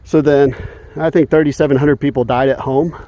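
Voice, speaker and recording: A man's voice: on the high side, steady tone, brisk, warm tone, dull audio. A man vlogging while walking outdoors in the evening, talking in a heated, indignant way and chuckling often between points. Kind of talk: casual rant while walking.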